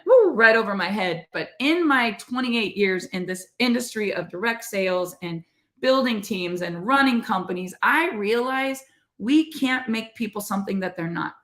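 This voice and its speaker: A woman's voice: mid-range voice, a bit bright. Middle-aged woman podcast co-host, earnest motivational faith talk, casual delivery, roomy echo. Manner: earnest, conversational, addresses listeners as "you guys".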